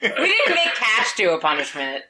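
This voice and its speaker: A woman co-hosting a casual podcast, firing back quick profane retorts. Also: on the high side, wildly swooping pitch, pushed and bright.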